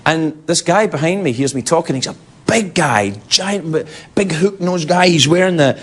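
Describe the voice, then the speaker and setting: A man's voice: on the high side, lively intonation, moderate pace, a bit bright, slightly rough. A man with a Scottish accent telling a rambling comic anecdote on a talk show, laughing through his lines. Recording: live studio with audience laughter and noise. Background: studio audience.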